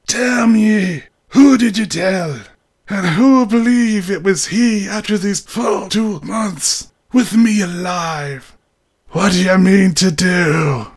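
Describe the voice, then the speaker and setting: A man's voice: sits high, slow, gravelly, breathy edge, voice pushed up, exaggerated voice. A man voicing a mocking, unhinged young man who harbors an old sorcerer, in an audiobook reading. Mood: frantic. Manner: sneering, ironic bravado turning to frantic shouting.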